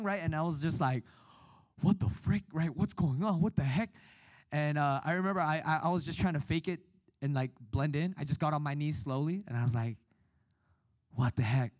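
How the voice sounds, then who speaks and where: A man giving a storytelling sermon at a youth retreat, animated and acting out his younger self, often asking "right?". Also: a little high, no echo.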